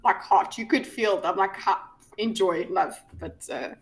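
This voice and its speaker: A woman's voice: medium pitch, unhurried, creaky, slight background noise. A woman from South Africa with a South African accent, chatting casually and cooing over cute things. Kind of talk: casual chat.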